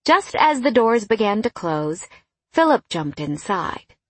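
Husky woman reading a romance novel. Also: mid-range voice, big pitch swings, unhurried, no room sound. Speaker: audiobook narrator. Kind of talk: scripted narration.

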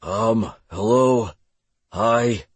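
A man's voice: lowish voice, very slow, slightly rough, no echo, heavily acted. A male audiobook narrator voices a sheepish, jokey middle-aged man.

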